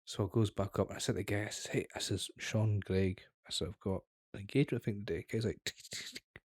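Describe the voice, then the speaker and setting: A young man co-hosts a podcast in a casual, chatty way. He tells a long story, swears freely and acts out what people said. His voice sits low and sounds close and dry. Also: fairly even intonation, quick pace, no echo. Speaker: podcast co-host.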